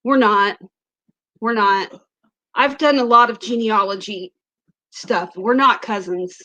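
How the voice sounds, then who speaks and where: A woman's voice: mid-range voice, slow pace, bright, forceful tone, dull audio. A chatty woman with an Ozarks accent who hosts a casual livestream, giggling often and reading viewer comments aloud into a webcam mic. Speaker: livestream host.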